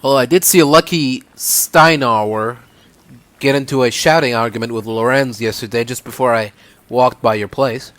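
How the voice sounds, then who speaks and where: A man voicing a polite, thoughtful young male artist in a let's-play, with lively, slightly exaggerated delivery. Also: medium pitch, moderate pace, close to an everyday voice. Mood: earnest.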